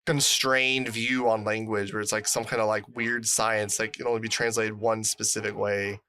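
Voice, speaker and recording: A man's voice: lowish voice, little pitch movement, moderate pace, pushed and bright. A man co-hosting a podcast, talking loosely with heavy filler words and casual swearing. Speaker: podcast co-host. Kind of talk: casual chat.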